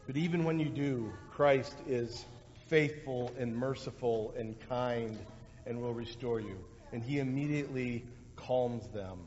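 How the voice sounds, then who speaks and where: Man preaching in an echoing hall. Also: mid-range voice. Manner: conversational preaching, animated when voicing quotes. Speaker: pastor. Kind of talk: sermon. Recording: dull lo-fi sound with long hall reverb.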